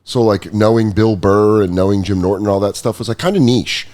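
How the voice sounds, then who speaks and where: A man hosting a comedy podcast in casual chat, animated and acting out quotes. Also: fairly low pitch, fairly quick. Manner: animated, acts out quotes in put-on voices. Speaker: podcast host.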